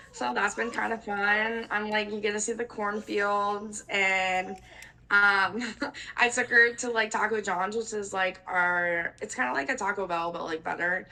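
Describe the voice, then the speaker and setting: A woman's voice: mid-range voice, sharp tone, poor audio. A woman in her twenties co-hosting a podcast, telling stories in a casual, rambling way, full of "like" and casual swearing. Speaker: podcast co-host. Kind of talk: casual chat.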